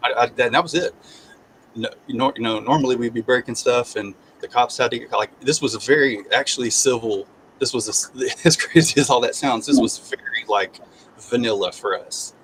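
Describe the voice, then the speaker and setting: A man's voice: mid-range voice, brisk, a little hiss or hum, low-quality recording. A man, a guest sharing his testimony, tells a personal story in casual conversation, acting out the voices he quotes. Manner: animated, acts out quoted voices, repeats and restarts.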